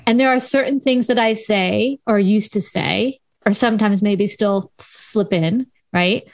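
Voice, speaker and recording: A Southern Californian woman speaks in a medium-pitched voice, frank and teacherly as she pushes back on questions. The sound is dry and close, with no room around it. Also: a little slow, no room sound. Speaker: podcast co-host, former high school English teacher. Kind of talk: casual chat.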